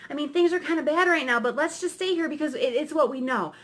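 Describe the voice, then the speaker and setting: A woman voicing a clingy, anxious cat that pleads to stay put, fretful and rushed. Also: high-pitched, a bit bright, voice pushed up. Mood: pleading.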